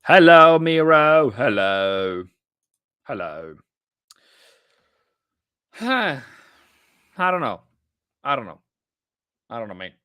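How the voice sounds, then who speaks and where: A man's voice: lowish voice, sing-song, extremely slow, long pauses, bright, forceful tone, smooth, dry recording. A man with a Norwegian accent hosting a live trading stream, chatting loosely with viewers and rambling as he reads the chat. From Norway.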